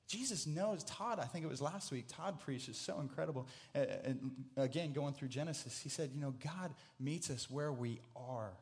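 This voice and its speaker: A man preaching a sermon, earnest, often repeating words, moving between hushed reflection and loud, emphatic proclamation. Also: fairly high pitch. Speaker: pastor.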